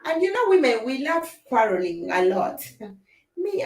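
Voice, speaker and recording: Animated woman on a livestream, laughs a lot, kinda high voice, echoey room. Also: unhurried. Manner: animated, laughs often, acts out quarrels. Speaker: livestream host. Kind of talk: casual chat with live comments.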